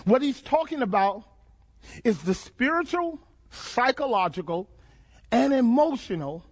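Male preacher, very high-pitched, rhetorical questions, repeats key lines. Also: sing-song, a little slow, pauses often, breathy edge. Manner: preaching with call-and-response questions and dramatic repetition. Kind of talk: sermon.

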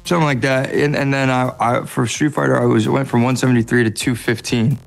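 A man with an American accent, a guest actor chatting casually in an interview, laid-back and self-deprecating, getting animated when telling stories. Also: mid-range voice, fairly quick, gravelly, faint music behind.

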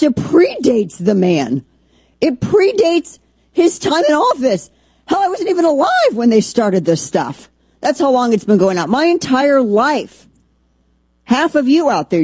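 A woman's voice: on the high side, warm tone, breathy edge, no room sound. A middle-aged woman hosting a political talk radio show, combative and sarcastic in her monologue.

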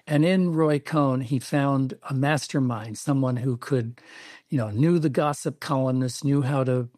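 A male author being interviewed on the radio, explaining events in a measured, storytelling way. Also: medium pitch, darkish tone, dry recording, studio quality. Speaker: author guest.

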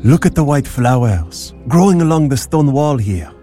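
A man voicing a gentle, loving father of five daughters, speaking tenderly and reassuringly in an audio drama. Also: medium pitch, sing-song, moderate pace, soft background music, lightly acted.

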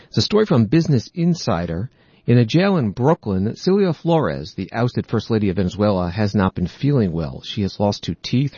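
A man hosting a news program, reading reports in a steady, measured scripted delivery. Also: lowish voice, no room sound, highs cut off. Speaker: news host.

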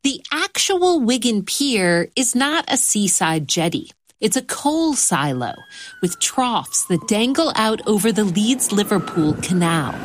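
A woman reporter narrating a scripted radio news story with crisp, even delivery. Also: mid-range voice, measured pace, a little hiss or hum.

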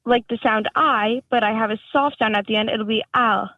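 A woman's voice: fairly high pitch, steady tone, fast talker, no echo. A woman calling into a radio show, talking earnestly and curiously over the phone. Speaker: caller. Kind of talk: call-in radio chat. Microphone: telephone. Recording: phone line.

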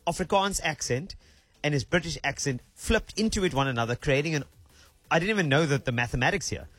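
A South African man hosting a radio show, chatting in a playful, animated way. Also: on the high side, fairly quick, no room sound. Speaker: radio host. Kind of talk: casual radio chat.

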